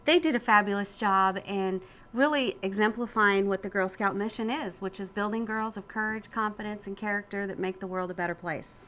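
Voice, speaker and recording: A woman's voice: mid-range voice, steady tone, fairly quick, hardly any pauses, sharp tone. A woman appearing as a guest on a morning TV show, speaking upbeat and agreeably about her organization. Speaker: fundraising director, guest. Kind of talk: TV interview guest.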